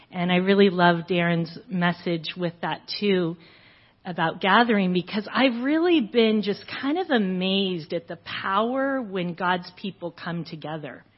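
Heartfelt middle-aged woman at church. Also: mid-range voice. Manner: heartfelt and emotional, with frequent fillers. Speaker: church member sharing before leaving. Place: church service. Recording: lo-fi church audio recording.

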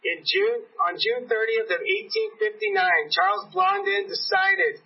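A male preacher with a very high, husky voice tells a sermon story, acting out the voices of the people in it. His pitch swings widely as he talks. He is picked up from a distance in a dull, lo-fi recording. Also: huge pitch swings, unhurried, few pauses. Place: church sanctuary.

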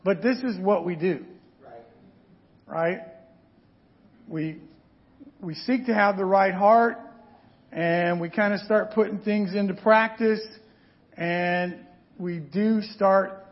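A man preaching a sermon, telling stories with lively asides and frequent "right?" checks to the congregation. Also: high-pitched, slow pace, long pauses, dull audio.

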